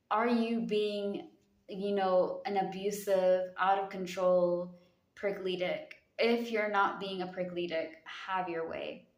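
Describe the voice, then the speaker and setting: A woman giving a casual tarot reading in a sassy, slangy way, calling her listeners honey. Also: mid-range voice. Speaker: tarot reader. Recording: echoey room.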